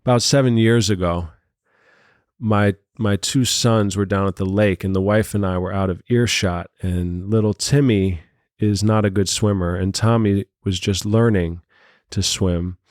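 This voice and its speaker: A man voicing a sleepy rural male farmer who tells a long tale in a hushed, folksy drawl, with little patience left for his visitor. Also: fairly low pitch, steady tone, measured pace, no echo, clean studio sound, close to an everyday voice. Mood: storytelling. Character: sleepy, patient older male farmer, growing short-tempered.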